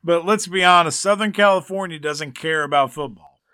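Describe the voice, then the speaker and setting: Man, podcast co-host, bright forceful tone, dry close mic, animated sports banter. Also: fairly high pitch, normal speed, clear, resonant tone, no room sound. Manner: animated, teasing, emphatic. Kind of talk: casual sports chat.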